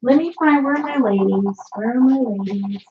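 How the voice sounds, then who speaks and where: A woman's voice: a little high, normal speed, narrow, tinny audio, slight background noise. A woman hosting a casual crafting video, rambling and talking to herself as she hunts through her supplies, standing indoors in her craft room. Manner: rambling, talks to herself while searching. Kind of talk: casual chat while crafting.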